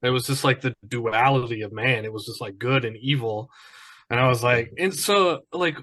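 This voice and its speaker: A man with a bright, forward voice of middling pitch, thinking aloud in a relaxed chat. He muses and circles around his ideas with loose filler words. The talk is unscripted and conversational. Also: normal speed, dry recording. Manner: musing, thinks aloud about meaning. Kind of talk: casual film discussion.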